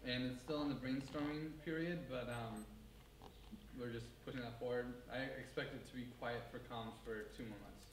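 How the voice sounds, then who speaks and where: A man leading a casual team meeting, talking in a relaxed, rambling way with lots of fillers. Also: medium pitch, moderate pace, distant mic. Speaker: meeting lead. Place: room at a hackathon. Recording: echoey room, faint noise.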